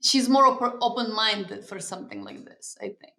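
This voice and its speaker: A woman guest in casual chat, blunt and halting, sometimes searching for her words. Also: mid-range voice, creaky, bright, forceful tone, roomy sound. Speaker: podcast guest.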